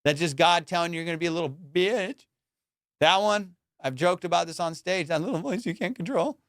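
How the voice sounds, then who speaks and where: Slangy man telling stories, smooth dry voice. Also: high-pitched, a little fast, no echo. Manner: slangy, animated, acts out quoted voices. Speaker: comedian podcast host. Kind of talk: casual storytelling.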